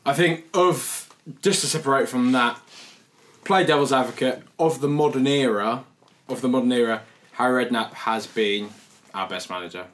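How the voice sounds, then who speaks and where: A man from England, co-hosting a casual football podcast and talking in an excitable, halting way. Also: mid-range voice. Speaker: podcast co-host.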